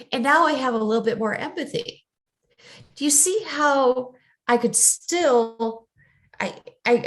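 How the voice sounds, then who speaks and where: A middle-aged woman coach giving an earnest, conversational teaching talk, acting out small everyday scenes as she explains. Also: a little high. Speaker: ADHD coach.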